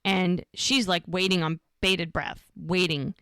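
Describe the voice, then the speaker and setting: A woman co-hosting a podcast, recapping a TV episode in a casual, animated way and quoting the characters as she goes. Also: lowish voice, slow, dry recording. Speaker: podcast co-host.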